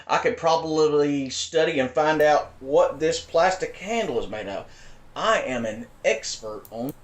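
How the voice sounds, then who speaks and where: A man's voice: a little high, animated, unhurried. A man in a heated, insistent monologue at his house, repeating his points and ranting. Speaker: video maker ranting on his channel.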